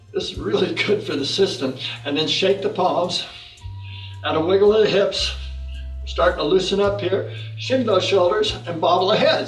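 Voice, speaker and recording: A high-pitched man guides an exercise class, calm and encouraging as he counts each move. He sounds a little far from the mic in an echoey room, with faint music playing behind him. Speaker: fitness instructor.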